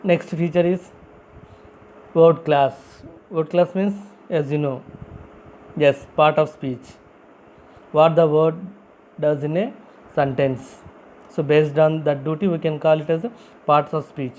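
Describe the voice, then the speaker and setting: A man's voice: fairly high pitch, fairly even intonation, takes it slowly, long pauses, darkish tone, low-quality recording. A man who is not a native English speaker teaching a vocabulary lesson, explaining step by step, asking and answering his own questions and repeating key phrases. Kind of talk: classroom-style vocabulary lesson.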